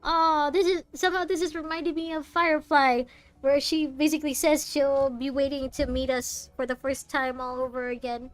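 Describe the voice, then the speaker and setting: High-voiced, gushing young woman streamer. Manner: excitable, gushing, quick jokes. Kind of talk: live game playthrough commentary. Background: game music.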